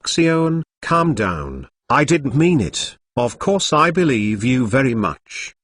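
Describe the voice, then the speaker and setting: A man reading as a gentle soothing young man. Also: medium pitch, takes it slowly. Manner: even synthetic reading.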